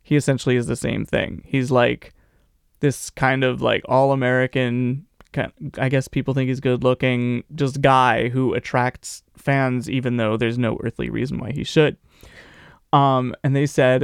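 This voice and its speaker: A man's voice: mid-range voice, level tone, unhurried, gravelly, clean tone, no echo, clean studio sound. A man co-hosting a podcast, chatting casually about baseball history in a rambling, joking way with many fillers. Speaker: podcast co-host.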